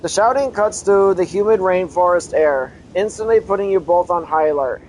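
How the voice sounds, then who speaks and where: A man reading an adventure story aloud as a channel host, halting, correcting himself and breaking off for casual asides. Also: sits high, a little mellow, a little hiss or hum, low-quality recording. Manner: halting reading with frequent self-corrections and restarts.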